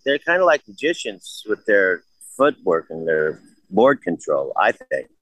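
A man's voice: low-pitched, very animated, unhurried, fairly bright tone, dry recording, rough recording. An older man in a casual interview, blunt and profane, rambling through stories. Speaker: guest.

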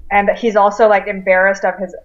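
A woman's voice: mid-range voice, level tone, a little fast. A woman in casual conversation recapping movie scenes, with dry, opinionated remarks. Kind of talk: casual book-and-movie chat. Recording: slightly dull lo-fi sound.

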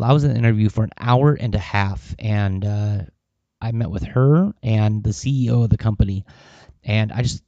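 A man vlogs casually in a lowish, warm voice with vocal fry, rambling, swearing, and using lots of fillers. The recording has no echo, but the high frequencies are cut off.

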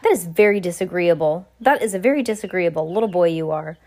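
A brisk, loving old grandmother gives careful instructions in a measured, motherly storybook voice read by a woman in her own tone. Her words come slowly and deliberately. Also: fairly low pitch, lively intonation, darkish tone, close to an everyday voice. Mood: firm.

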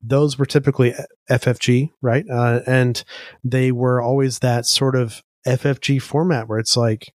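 A man's voice: medium pitch, flat delivery, moderate pace, dry recording, studio quality. A man co-hosting a podcast in a chatty way, full of fillers, asking follow-up questions. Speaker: podcast co-host. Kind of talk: casual podcast chat.

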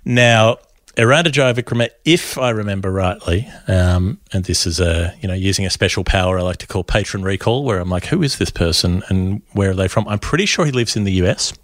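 Aussie guy joking around on a cricket podcast, lowish voice, dry close sound. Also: a little fast, a bit bright, dry recording. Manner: playful, jokey, rambling. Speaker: podcast co-host. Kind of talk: casual cricket chat.

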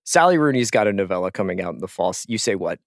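A man's voice: low voice, big pitch swings, very fast, creaky, no room sound, clean studio sound. A middle-aged man hosting a podcast, chatting casually, teasing his co-host and laughing often. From Philadelphia. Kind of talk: casual chat.

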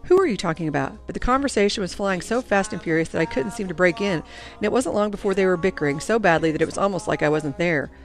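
A woman narrating a first-person story in a reflective, even-paced manner. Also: fairly low pitch, quick pace, faint music behind. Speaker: audiobook narrator.

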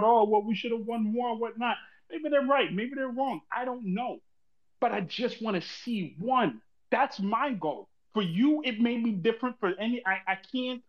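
A man's voice: high-pitched, dull audio. A man venting on a casual podcast, profane and rambling, repeating himself when he is frustrated.

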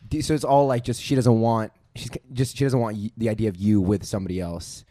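A young man asking quick questions in casual podcast chat. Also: lowish voice, fairly even intonation, warm tone, dry recording, clean studio sound.

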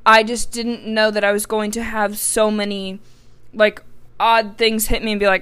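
A woman's voice: mid-range voice, little pitch movement, normal speed, a bit bright, clean tone. A young woman hosting a personal podcast, talking candidly in a rambling, casual way with lots of "like". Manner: rambling, heavy use of "like", candid and frank. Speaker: podcast host.

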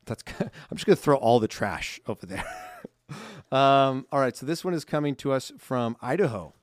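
A man's voice: medium pitch, lively intonation, normal speed, no room sound, clean studio sound. A man co-hosting a holiday podcast, reading listener cards aloud in a chatty way and laughing often. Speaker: podcast co-host. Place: studio. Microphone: studio microphone.

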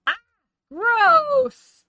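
A woman voicing a small, energetic teenage boy who turns whiny, eager or touchy, read out as a fan story. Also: high-pitched, no room sound, highs cut off, exaggerated voice. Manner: eager, whiny and quick to take offense.

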